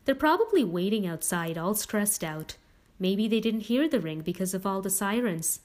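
A woman's voice: mid-range voice, very animated, moderate pace, a little mellow, close to an everyday voice. A woman voicing a concerned teenage girl who talks in a reassuring, encouraging way.

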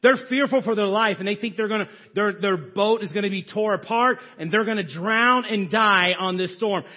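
A man preaching a sermon, swinging from shouting to hushed near-whispers. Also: high-pitched, normal speed, dull audio.

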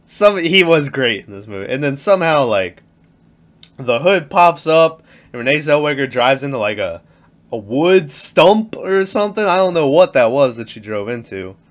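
A man's voice: a little high, big pitch swings, moderate pace. A man in casual movie chat who laughs often, acts out lines from the film and swears freely. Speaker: podcast co-host.

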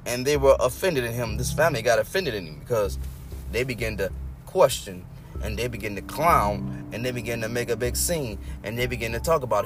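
Lively-voiced folksy preacher man, music behind. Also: medium pitch, fairly quick. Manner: folksy, conversational preaching with dialect and acted-out crowd quotes. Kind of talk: sermon.

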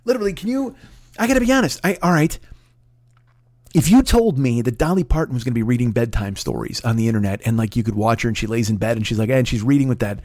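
A man's voice: medium pitch, lively intonation, fast, darkish tone. A man hosting a comedy podcast, ranting profanely and sarcastically. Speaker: podcast host.

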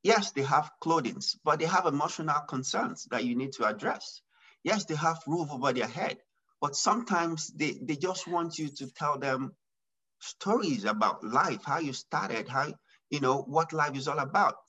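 A man, a pastor and business executive, answering interview questions in a deliberate, emphatic way, stressing key words and listing his points. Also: on the high side, expressive, pushed and bright, husky, poor audio.

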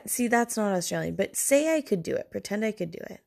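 A woman's voice: mid-range voice, lively intonation, brisk, creaky, few pauses, a little mellow. A woman hosting a solo podcast alone in her room late at night, rambling and self-deprecating as she drifts off on tangents.

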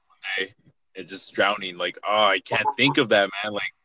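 A man's voice: fairly low pitch, fairly even intonation, highs cut off, crowd noise. A young man in casual chat, swearing freely and stumbling over restarts as he talks. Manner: swearing, halting with restarts and laughs.

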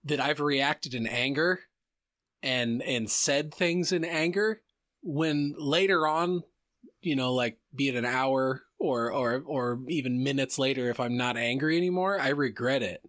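A man's voice: medium pitch, unhurried, fairly bright tone, no room sound, clean studio sound. A man in casual podcast conversation, thinking aloud reflectively with frequent restarts. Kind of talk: casual chat.

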